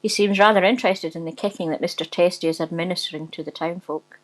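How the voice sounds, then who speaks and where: A woman's voice: lowish voice, steady tone, quick pace, low-quality recording. A woman reading a rude comic story aloud, often giggling as she goes. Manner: giggly, breaking into laughter while reading.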